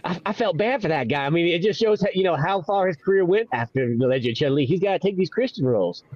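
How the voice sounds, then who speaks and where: A man's voice: sits high, animated, quick pace, dry recording. A man hosting a podcast in casual, profane, laid-back chat, in a dull, dry recording. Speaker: podcast host.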